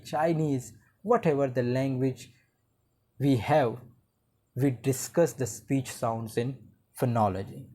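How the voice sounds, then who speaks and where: A teacher delivers an explanatory online lecture in a mellow, dark-toned voice at an ordinary middle pitch. The explaining goes step by step, with frequent restarts and "uh, like" fillers between points.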